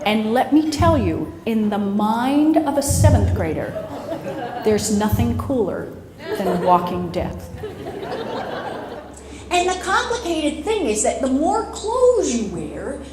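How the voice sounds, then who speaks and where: A woman in her fifties giving a humorous speech, telling comic stories and laughing often. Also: sits high. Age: 50s. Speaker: motivational speaker. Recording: echoey hall with background noise.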